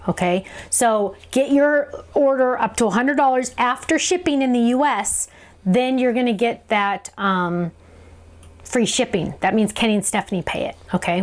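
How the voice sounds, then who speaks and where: A woman hosting a live craft show, answering viewer questions in a chatty, bubbly way and laughing often. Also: on the high side. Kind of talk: live stream Q&A chat.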